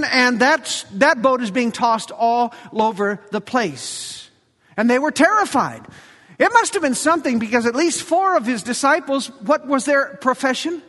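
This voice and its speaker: Male preacher, high bright voice, animated storyteller, long church-hall reverb. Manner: animated storytelling, acts out quotes, jokes. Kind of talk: sermon.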